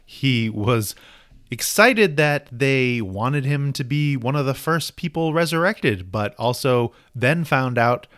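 A man co-hosting a laid-back comic book chat, walking through the plot and weighing the characters. His voice sits at an ordinary pitch and sounds dry and close, with no room around it. He talks in an easygoing, thoughtful way. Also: animated, slow pace, fairly bright tone, no echo. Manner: easygoing, analytical recapping. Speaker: comic book podcast co-host. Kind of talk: casual chat.

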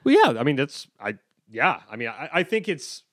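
A man's voice: mid-range voice, sing-song, moderate pace, sharp tone, dry recording, clean studio sound. A man hosting a casual podcast chat, mostly giving short replies and asking brief questions.

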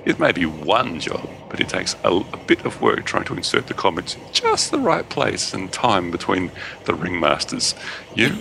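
A man's voice: low-pitched, wildly swooping pitch, moderate pace, gravelly, sharp tone, slight background noise. A man co-hosting a gaming podcast, reading a listener email aloud with frequent laughter. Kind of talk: casual chat.

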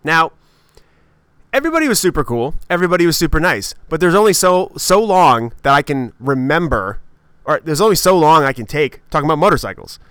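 A podcast host spins a comic story in an animated, swearing, self-mocking way. His voice is bright and smooth. The recording is close and dry, with no room sound. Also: fairly high pitch, fairly quick, dry recording. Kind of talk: comedic storytelling monologue.

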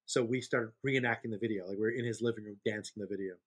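A man's voice: lowish voice, steady tone, fast talker. A man in his fifties, co-hosting a podcast, telling long rambling stories in casual chat and laughing easily. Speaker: podcast co-host.

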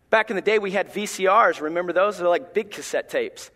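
A man preaching a sermon as associate pastor, folksy and animated, joking with his congregation. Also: high voice, a little fast, in a large hall. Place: church sanctuary.

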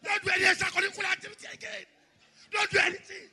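A man playing a hot-tempered, stingy father who shouts and scolds in a church drama skit. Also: extremely high pitch, level tone, racing, gravelly, full character voice. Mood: scolding. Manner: loud scolding, exasperated shouting. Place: church stage.

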